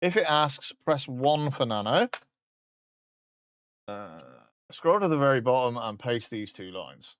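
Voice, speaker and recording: A man's voice: medium pitch, expressive, a little slow, pauses often, clean tone, no room sound, clean studio sound. A man streaming a casual chat, joking about himself and swearing now and then.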